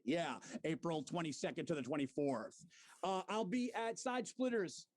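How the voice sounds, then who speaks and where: A man's voice: a little high, animated, moderate pace. A man who is a comedian and podcast host, chatting casually and agreeably. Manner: agreeable, laid-back, profane.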